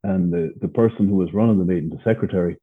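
Husky Irish man on a phone-like line. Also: deep voice, fast talker. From Ireland. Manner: blunt, profane, laughs through his story. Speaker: podcast guest. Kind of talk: candid storytelling in an interview. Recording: phone-like narrow sound.

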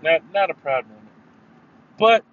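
A man talks through a solo podcast episode in a loose, rambling way, full of swearing and restarts. His voice sits a little high, and he jumps into loud, emphatic bursts. The recording is dull and lo-fi, with a faint hiss behind it. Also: animated, normal speed. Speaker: podcast host. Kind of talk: casual solo podcast rant. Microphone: headphones mic. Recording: dull lo-fi sound with faint noise.

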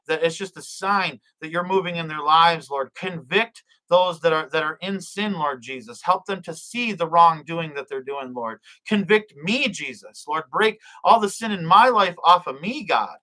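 Livestream preacher, male, bright forceful voice, fervent and repetitive, stumbles over words. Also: fairly high pitch, poor audio. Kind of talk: live-streamed prayer and preaching.

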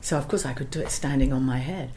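A London actress with a very deep voice talks fast, spinning stories in a casual interview and acting out the lines she quotes. There's slight background noise.

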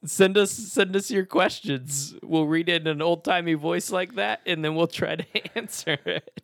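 A man's voice: fairly high pitch, moderate pace, creaky, a bit bright. A man co-hosting a casual podcast, playful and jokey, often laughing as he talks. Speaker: podcast co-host.

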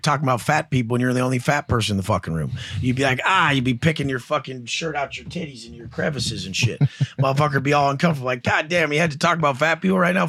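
A man's voice: medium pitch, a bit bright, husky, no room sound, clean studio sound. A man speaking as a guest entrepreneur and coach, telling blunt, profane stories and acting out the voices of the people in them. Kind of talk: casual interview storytelling.

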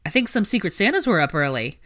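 A woman voicing a cheeky teenage schoolboy who calls out loudly across a room, in a storybook reading. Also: mid-range voice, sing-song, fast talker, no echo, clean studio sound. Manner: calling out loudly.

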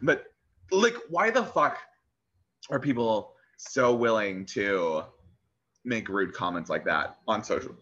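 A young man co-hosting a casual podcast chat, animated and fired up, swearing often. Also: fairly low pitch, slow pace. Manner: animated, swears a lot, gets feisty. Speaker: podcast co-host. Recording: dull lo-fi podcast audio.

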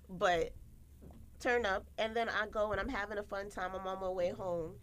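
A woman's voice: measured pace, slight background noise. A young American woman, a podcast co-host, telling stories in casual chat and acting out quotes with big jumps in her voice. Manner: animated, acts out quotes with big pitch jumps.

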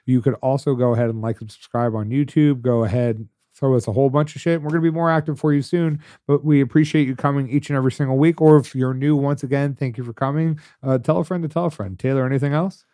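A man co-hosting a casual podcast, chatting loosely and peppering his talk with curses. When something annoys him, his voice shoots up and grows loud and animated. The recording is dry and close, with no room sound. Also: quick pace, hardly any pauses, dry recording. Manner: profane, animated rants with sudden high bursts. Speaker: podcast co-host. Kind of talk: casual chat.

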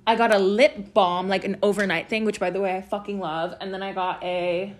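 In a brisk, steady, mid-range voice, a young woman runs a casual home podcast. She rambles on in a chatty way, filling her talk with "like" and swear words.

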